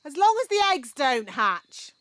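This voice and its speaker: A woman voicing a brisk, prim fairy nanny in a cartoon. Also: high-pitched, big pitch swings, very noisy.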